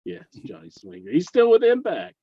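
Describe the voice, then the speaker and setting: Give me a podcast co-host with a fairly high, lively voice who rambles earnestly through his stories. His mic sounds a little dull and lo-fi, with a dry close sound. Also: fairly quick, slightly rough, no echo. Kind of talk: casual wrestling podcast chat.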